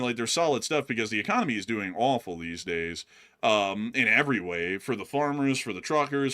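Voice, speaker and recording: Co-host, male, bright and forceful tone, casual livestream chat, laughs a lot. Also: mid-range voice. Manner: laughs often, loose and chatty. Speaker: co-host answering viewer questions.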